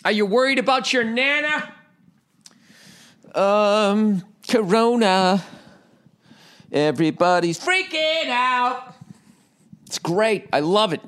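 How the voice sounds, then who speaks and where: A man's voice: high voice, a bit bright, smooth. A man hosting a podcast, ranting comedically in a profane, sarcastic, rambling way. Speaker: podcast host. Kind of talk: comedic rant.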